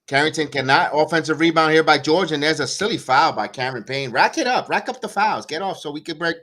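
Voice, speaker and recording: Bright-voiced, excitable man calling the game. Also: on the high side, fast. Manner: excitable, sarcastic, rants at the coach. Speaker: watch-along play-by-play host. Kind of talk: live fan play-by-play commentary.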